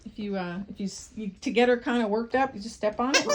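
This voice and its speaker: A woman's voice: fairly high pitch, wildly swooping pitch, moderate pace, noisy background. A young woman giving a pet sitter casual, rambling instructions in her home kitchen, full of fillers and restarts. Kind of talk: casual home video walkthrough.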